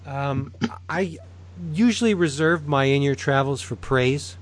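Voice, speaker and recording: A man co-hosting a casual podcast, chatting about comics and reading a sponsor plug. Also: mid-range voice. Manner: chatty, laughs easily, reads plugs briskly. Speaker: podcast co-host. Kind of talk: casual chat and sponsor read.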